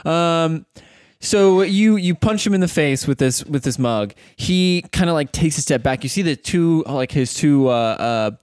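A man's voice: on the high side, lively intonation, measured pace, a little mellow, clear, resonant tone, dry recording, clean studio sound. A man running a tabletop game as game master, narrating casually with lots of laughter, filler words and swearing.

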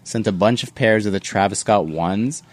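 Podcast host, male, low register, relaxed joking delivery reading out listener messages. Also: normal speed, no room sound. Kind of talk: casual chat.

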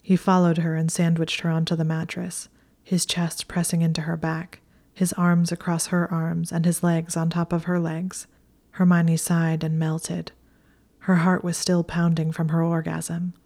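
A woman reading a story aloud in a soft, hushed, steady whisper. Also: lowish voice, measured pace. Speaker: narrator.

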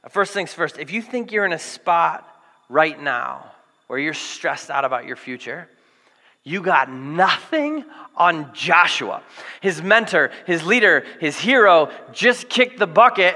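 A man preaching with a high, bright, ringing voice that carries a long hall reverb. He tells the story casually and with humor, acting out the lines of the people in it and sometimes raising his voice to a yell. This is a church sermon. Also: unhurried. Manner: animated, jokey storytelling with acted quotes and yelled lines. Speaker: pastor.

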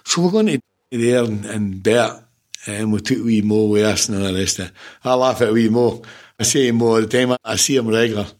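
A man's voice: fairly low pitch, fairly quick, darkish tone. A Scottish man in his seventies, a former football manager, telling stories in a casual interview, blunt and swearing freely with laughs between. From Scotland. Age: 70s.

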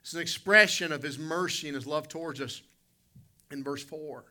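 A man preaching a sermon as pastor, telling a story in an animated way with sudden loud bursts. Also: fairly high pitch, moderate pace.

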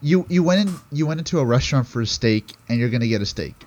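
A man's voice: medium pitch, lively intonation, fast talker, a little mellow, lo-fi sound. A man from Texas co-hosting a casual chat, stammering on restarts and joking as he makes his point. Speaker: podcast co-host.

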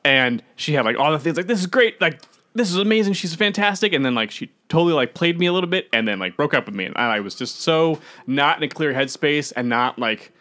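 A man's voice: mid-range voice, lively intonation, sharp tone. A young man co-hosting a podcast, telling a wry, self-deprecating story in casual chat. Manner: quick agreeing interjections, wry self-deprecating. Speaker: podcast co-host.

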